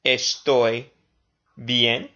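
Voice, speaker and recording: A man teaching a recorded language lesson, speaking slowly and deliberately and repeating each phrase twice. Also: medium pitch, steady tone, pushed and bright. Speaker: Spanish teacher.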